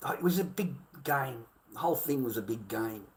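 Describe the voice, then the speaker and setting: A man's voice: mid-range voice, lively intonation, moderate pace. Heated, profane man ranting. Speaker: livestreamer. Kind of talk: casual ranting monologue.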